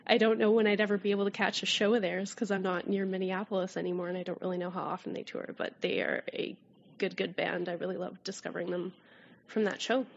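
A woman's voice: mid-range voice, level tone, fast, gravelly, slight background noise. A Canadian woman, a guest writer, chatting and swearing casually on a podcast. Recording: dull lo-fi audio.

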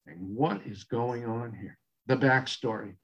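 A man's voice: medium pitch, measured pace, husky. A man in his sixties with a Boston accent, a coach telling a long story as a guest in an interview, rambling with many fillers and restarts. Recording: dull, muffled audio.

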